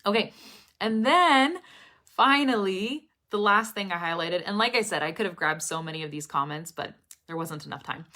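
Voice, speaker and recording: A woman's voice: medium pitch, pushed and bright. A woman teaching an English lesson live online, chatty and enthusiastic as she talks to her students and reads out their comments.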